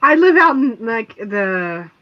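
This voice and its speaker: A woman's voice: on the high side, sing-song, slow, a little hiss or hum. Woman, casual livestream chat, rambling, lo-fi dull mic. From rural area. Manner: rambling, chatty, lots of "like".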